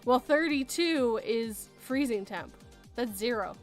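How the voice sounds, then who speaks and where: A woman's voice: a little high, expressive, takes it slowly, soft background music. A Canadian woman hosting a casual podcast chat, rambling through explanations and laughing often. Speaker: podcast host.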